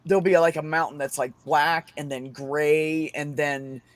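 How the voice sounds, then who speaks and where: A man chatting casually on a podcast, telling excited stories and swearing often. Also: on the high side, a little slow, dry recording. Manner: excited storytelling, frequent swearing. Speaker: podcast host. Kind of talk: casual chat.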